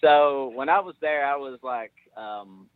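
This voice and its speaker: A man's voice: medium pitch, unhurried, smooth, no echo. A man with a Kentucky accent telling a story in a casual podcast chat, rambling and laughing as he goes. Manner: rambling, laughing, repeats words. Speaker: podcast co-host, guest. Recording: dry tinny phone-like line.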